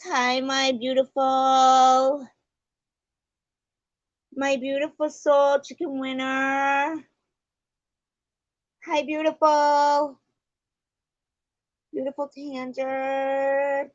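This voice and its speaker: A woman's voice: high-pitched, flat delivery, drawn-out words, pauses often, dry recording, voice pushed up. A woman putting on the voice of a gushing, over-sweet young online psychic in a breathless fawning way, on dull lo-fi stream audio.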